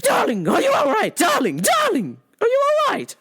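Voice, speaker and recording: A woman's voice: extremely high pitch, huge pitch swings, moderate pace, a bit bright, no echo, raised voice, studio quality, pitched above the performer's own voice, exaggerated voice. A woman voicing a fussy, prim older mother who fusses over her daughter and calls everyone darling, in a genteel manner. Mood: frantic.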